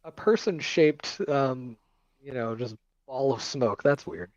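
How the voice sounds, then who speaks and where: A man's voice: mid-range voice, slow, darkish tone, no echo. Wry male player, dull dry mic. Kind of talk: tabletop game play.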